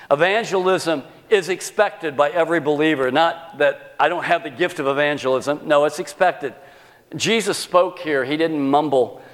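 Male pastor, sermon, slightly high voice, storytelling with acted dialogue, reverberant hall. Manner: storytelling preacher, acts out quoted dialogue.

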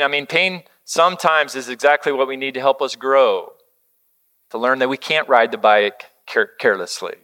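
A middle-aged man preaching a sermon, telling a family story in a conversational way and dropping to a soft hush when he quotes words of comfort. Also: mid-range voice, moderate pace. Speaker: pastor.

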